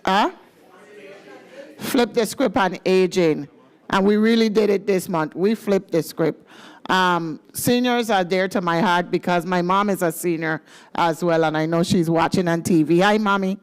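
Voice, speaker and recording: A woman's voice: fairly low pitch, a little slow, clear, resonant tone. Upbeat Virgin Islands woman speaking. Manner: upbeat, playful, leads chants. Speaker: government senior services official. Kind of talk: speech at a legislative ceremony.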